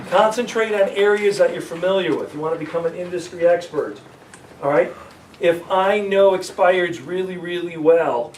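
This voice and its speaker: A man teaching sales in a live seminar, energetic and coaching, asking his audience questions. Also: fairly high pitch. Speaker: sales trainer. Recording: echoey room, far from mic, faint hiss.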